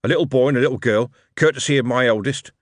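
Gruff grandfatherly tycoon, played by a male narrator; grave, blunt, heartfelt. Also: medium pitch, fast talker, dry recording, clean studio sound, natural voice.

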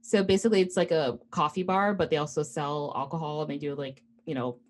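A woman's voice: low-pitched, fairly even intonation, brisk, slight background noise. Chatty woman co-host telling a story. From United States. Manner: rambling storytelling with many fillers. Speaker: podcast co-host. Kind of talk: casual chat.

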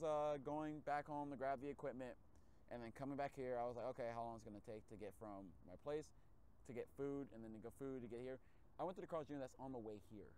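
A man hosting a casual podcast chat, telling a story with lively acted-out reactions and frequent swearing. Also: mid-range voice, smooth. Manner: animated storytelling, acts out his own reactions, swears freely. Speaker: podcast host.

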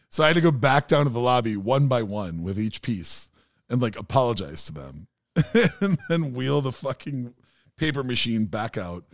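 A man hosting a casual podcast chat, telling a story in an animated way and acting out the people in it. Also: medium pitch, moderate pace, no room sound, clean studio sound. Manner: animated storyteller who acts out quoted people. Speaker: podcast host.

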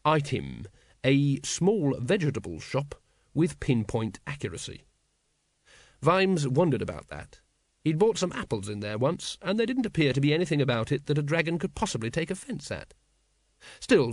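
Male narrator, lively pitch, wry storytelling, dry close recording. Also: dry recording. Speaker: audiobook narrator. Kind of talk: scripted narration.

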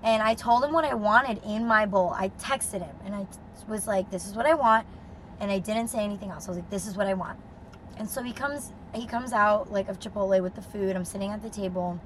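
A young woman telling a dating story as a podcast co-host, animated and swearing freely, with lots of "like". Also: mid-range voice, a little fast, slight background noise. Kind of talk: casual storytelling chat.

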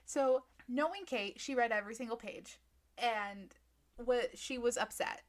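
Over a noisy background, a woman with a voice on the high side speaks unhurriedly as she co-hosts a podcast. Her casual book recap is sarcastic, and she performs the characters' dialogue through giggles.

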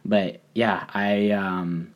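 A podcast host living in Japan talks casually on his own in a low, slightly hoarse voice, still getting over a cold. He speaks extremely slowly in a level tone, rambling and hesitant, with plenty of fillers and restarts. The recording sounds muffled.

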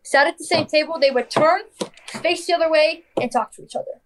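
A woman's voice: sits high, a little fast. A young woman telling a personal story in a casual, chatty way, full of "like" and "literally", acting out what people said. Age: young adult. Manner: acts out quoted dialogue.

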